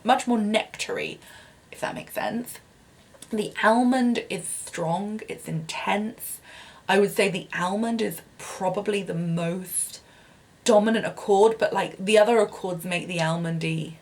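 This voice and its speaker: Young woman vlogger, bubbly and chatty, casual home review, mid-pitched voice. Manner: bubbly, chatty, self-deprecating with frequent fillers. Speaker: beauty vlogger.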